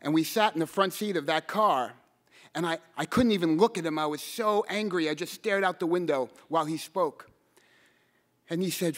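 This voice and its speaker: On stage, a man shares a personal story in an earnest, halting way, his voice pitched high. He repeats words as he goes and breaks into shouts whenever he quotes himself.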